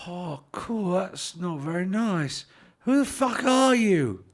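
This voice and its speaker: A man's voice: high-pitched, very animated, slow, heavily acted. A man voicing a foul-mouthed, bewildered young captive in a put-on British accent, swearing and indignant. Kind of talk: in-character role-play.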